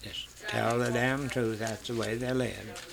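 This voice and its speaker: A man's voice: mid-range voice, fairly even intonation, a little slow, creaky, a crowd in the background. An older man telling family stories in a rambling way, in rural dialect, repeating "he said" and swearing freely. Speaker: interviewee. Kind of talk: rambling folk storytelling.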